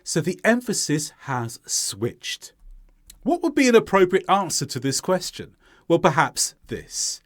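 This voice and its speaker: A man teaching an English pronunciation lesson, clearly and deliberately modeling stressed words for learners to repeat. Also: sits high, sing-song.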